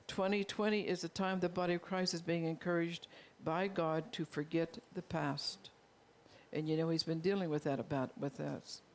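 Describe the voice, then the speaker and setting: A pastor preaching a heartfelt sermon, with a gravelly, creaky edge running through the voice. The delivery is earnest and confessional, with frequent call-outs to the congregation. The pitch sits in a middle range. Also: steady tone, moderate pace.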